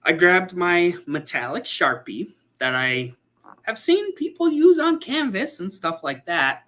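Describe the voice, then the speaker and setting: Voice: mid-range voice, fairly bright tone. A photographer hosting a casual livestream, chatting and reading out viewer comments.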